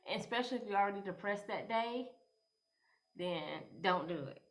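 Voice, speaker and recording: A woman's voice: medium pitch, moderate pace, slight background noise. A young woman, giving advice to camera in a rambling, casual vlog style full of "you know" fillers. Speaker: vlogger.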